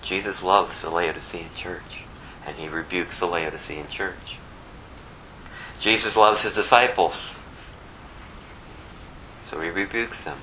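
Lively bright-voiced man teaching the Bible. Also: low-pitched, slow, long pauses, slight background noise, poor audio. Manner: animated storytelling, rising emphatic bursts. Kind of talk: informal Bible study teaching.

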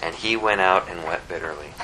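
A man preaching a sermon in a conversational, animated way, acting out the lines he quotes. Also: low-pitched, brisk, a little hiss or hum, rough recording. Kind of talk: expository sermon.

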